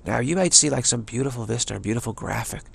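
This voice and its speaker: A man's voice: medium pitch, fast, vocal fry, breathy edge. A man giving an informal spiritual teaching talk in a loose, rambling way, often repeating phrases for emphasis.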